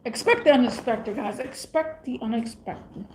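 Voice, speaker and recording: A woman's voice: a little high, normal speed, a little mellow, a little hiss or hum. A woman vlogger rambling in a casual rant, repeating her questions.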